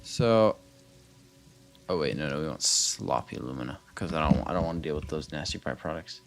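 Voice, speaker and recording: A man's voice: rumbling low, lively intonation, a little fast, vocal fry. A man casually commenting while he plays a building game, thinking aloud, trailing off and restarting, muttering counts and chatting back to viewers. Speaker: game streamer.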